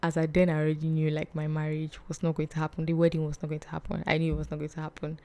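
A young woman, telling a personal story on her vlog in a soft, hesitant way that often drops to a whisper. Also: deep voice, completely flat delivery, quick pace. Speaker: vlog host.

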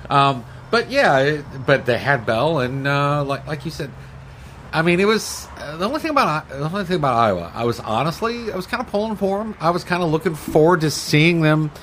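A man as a podcast guest, talking casually as a fan, halting and restarting often. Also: on the high side, big pitch swings, a bit bright, a little hiss or hum. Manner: hesitant, many fillers and restarts, fan talk. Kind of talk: casual sports chat.

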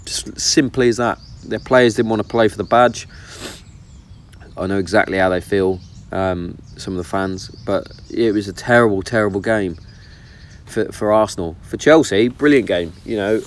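A fairly low-pitched man talks in a loose, sweary, opinionated way about football. He's recording outdoors in the countryside, with birdsong and open-air ambience behind him. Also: moderate pace. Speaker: vlogger. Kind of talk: casual chat.

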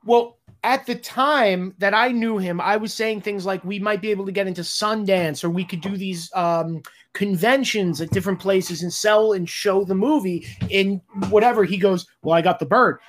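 A man's voice: high voice, fairly even intonation, normal speed, few pauses. Blunt, exasperated man telling stories. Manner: blunt, exasperated, swears freely; acts out quoted exchanges. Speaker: film director. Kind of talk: candid interview talk.

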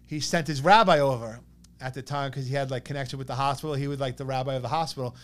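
A man in his thirties with a New York accent, telling a personal story as a podcast guest in an animated way, acting out what others said. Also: mid-range voice, fast talker. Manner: animated, quotes others in lively bursts.

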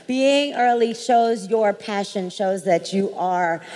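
A woman telling a lively story on a live panel, laughing often and acting out the voices. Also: medium pitch, takes it slowly, in a large hall. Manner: animated, laughing, acts out voices. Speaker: panel guest. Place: large hall before an audience.

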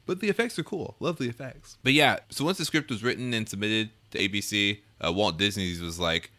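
A man's voice: fairly low pitch, animated, normal speed, pushed and bright, dry recording. A man co-hosting a casual movie-review chat, jokey and enthusiastic, laughing between remarks. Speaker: podcast co-host.

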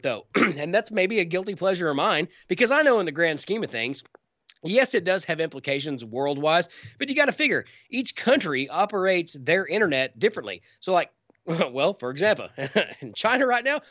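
A man with a fairly high, lively voice rambles through a casual chat, full of fillers and false starts. His dull lo-fi recording is dry and close. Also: fairly quick, no room sound. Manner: rambling with many fillers and restarts. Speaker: podcast co-host.

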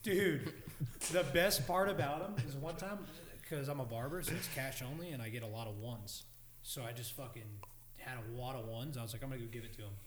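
A man's voice: medium pitch, a little fast, roomy sound, a little hiss or hum. A man telling anecdotes in casual podcast chat, swearing and laughing as he acts out quotes. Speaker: podcast guest, barber.

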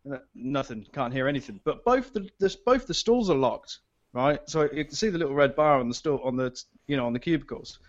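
A man's voice: medium pitch, lively intonation, a little fast. A British man telling a drunken night-out story in casual, swearing chat, often laughing. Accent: British English. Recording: dull lo-fi audio.

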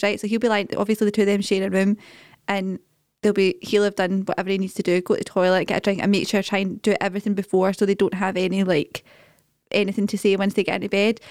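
A woman co-hosting a casual podcast, telling animated stories about her two boys and laughing through them. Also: mid-range voice, no echo, studio quality. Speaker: podcast co-host. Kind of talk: casual chat.

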